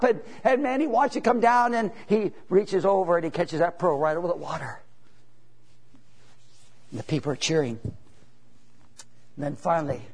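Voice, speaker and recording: Husky high-voiced preacher telling a story. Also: male voice. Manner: storytelling, many fillers, builds to shouts. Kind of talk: sermon with a told story.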